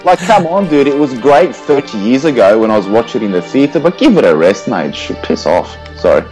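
A man's voice: medium pitch, sing-song, brisk, darkish tone, faint music behind, rough recording. A man co-hosting a casual podcast, ranting in an exasperated way and swearing now and then. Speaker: podcast co-host. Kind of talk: casual chat.

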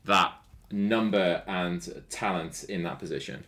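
A man's voice: sits low, a little slow, bright, forceful tone. A man hosting a casual football podcast, laid-back and chatty, laughing easily and swearing casually. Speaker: podcast host.

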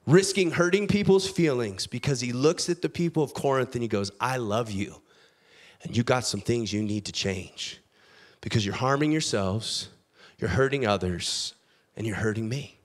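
A man preaching a sermon, reading scripture aloud, with big swings between loud, lifted passages and quiet, low asides. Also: lively intonation, normal speed. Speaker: pastor.

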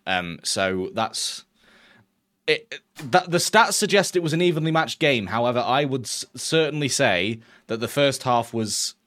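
A man from England co-hosting a football podcast, casual and rambling, prone to laughter and excited outbursts. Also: mid-range voice, a little slow. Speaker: podcast co-host.

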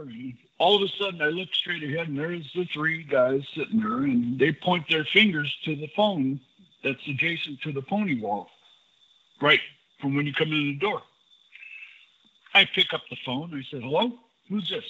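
An older man and former pitcher, a guest in an interview, telling anecdotes in a lively way and acting out the dialogue. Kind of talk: storytelling in a casual interview. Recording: dull lo-fi audio.

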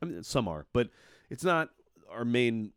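A man in a casual podcast chat, venting in a fired-up way and swearing freely. His voice sits at an ordinary middle pitch. The sound is dry and close, with no room echo. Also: big pitch swings, measured pace, clean tone. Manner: heated ranting, heavy swearing. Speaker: podcast co-host.

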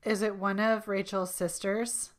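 A woman co-hosts a podcast in relaxed, casual chat. She sounds playful and laughs easily. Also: medium pitch, measured pace. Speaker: podcast co-host.

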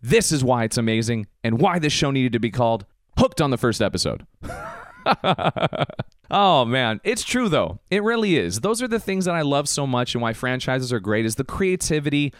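A man's voice: medium pitch, big pitch swings, moderate pace, no echo, studio quality. A man hosting a podcast and delivering an enthusiastic, hyped-up pep talk. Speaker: podcast host. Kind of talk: motivational podcast monologue.

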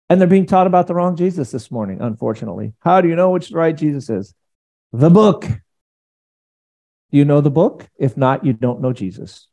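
A male pastor preaching a sermon in an animated, conversational way, acting out quotes as he goes. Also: on the high side.

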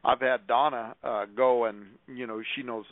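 A man's voice: mid-range voice, steady tone, normal speed, no echo. An older man, a preacher, delivering an emphatic radio monologue to listeners and citing scripture chapter and verse. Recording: tinny phone-like dry sound.

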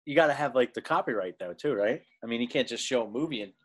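A man's voice: mid-range voice, quick pace. A man co-hosting a podcast, talking casually and venting with frequent laughs. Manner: animated, venting, laughs often. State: frustrated. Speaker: podcast co-host. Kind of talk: casual chat.

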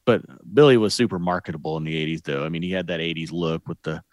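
A man co-hosting a casual talk show, laid-back and wry in his asides. His voice sits very low, recorded dry and close. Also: quick pace, no echo. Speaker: podcast co-host. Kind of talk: casual chat.

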